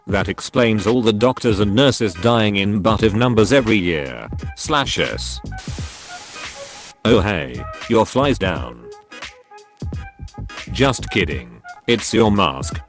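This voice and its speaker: A man's synthetic voice reading forum posts aloud in a flat tone, misreading symbols and abbreviations. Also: lowish voice. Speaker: narrator reading online posts.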